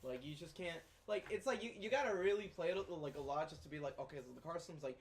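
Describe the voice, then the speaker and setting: A man's voice: a little high, expressive, fast, slight background noise. A young man co-hosting a casual group podcast, rambling about games with lots of fillers. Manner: rambling, filler-heavy gaming talk. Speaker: podcast co-host.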